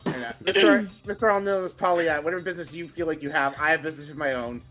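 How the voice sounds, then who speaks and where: A man's voice: a little high, expressive, rapid-fire, a bit bright, faint music behind. A man playing a tabletop game, speaking politely and partly in character. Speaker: player.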